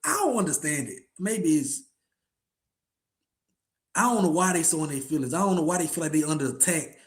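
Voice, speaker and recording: A man's voice: fairly high pitch, lively intonation, a little fast. A man hosting a casual sports podcast, ranting in slangy talk and repeating himself. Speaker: podcast host.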